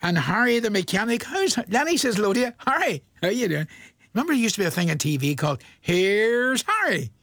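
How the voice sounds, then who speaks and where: A man's voice: high-pitched, very animated, fairly quick, fairly bright tone, dry recording, clean studio sound. A man with a Northern Irish accent presenting a radio request show, chatting jovially and chuckling as he reads out listener messages. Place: radio studio.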